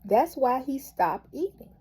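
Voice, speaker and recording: A woman's voice: sits high, big pitch swings, unhurried, dark tone, husky, exaggerated voice. A woman doing a blunt, amused doctor. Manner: matter-of-fact, amused. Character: calm, blunt male doctor.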